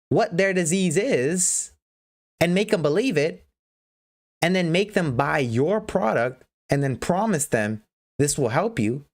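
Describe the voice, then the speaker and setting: A woman livestream host giving a blunt, profane motivational rant. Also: on the low side.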